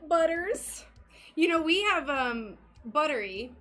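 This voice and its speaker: Giggly high-voiced American woman. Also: lively intonation, slow pace, sharp tone. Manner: giggly, greets chat viewers. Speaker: stained glass livestreamer. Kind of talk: casual livestream chat.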